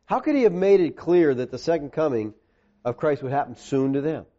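High-voiced emphatic male preacher, lo-fi. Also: lively intonation, a little fast, dark tone. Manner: emphatic, reads scripture aloud in lower voice. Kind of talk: sermon. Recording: dull lo-fi recording.

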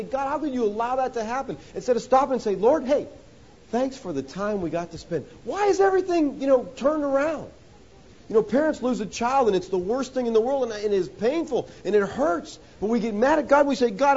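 A man preaching a sermon, rising to loud emphatic points and dropping to hushed lows, often calling listeners "folks.". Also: animated, a little fast, husky. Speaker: pastor. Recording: dull lo-fi sound with faint hiss.

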